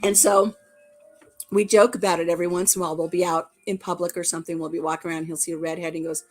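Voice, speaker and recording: A woman's voice: lowish voice, level tone, racing. A middle-aged woman chatting casually on her live stream. She rambles and jokes, laughing as she goes. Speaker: livestream host. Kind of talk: casual chat.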